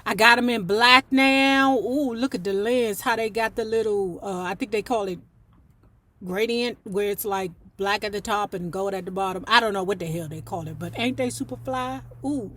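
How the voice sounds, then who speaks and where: A woman hosting a book club, reading a novel aloud and breaking off into animated, slangy, profane commentary. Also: mid-range voice, moderate pace. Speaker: YouTuber and book club host.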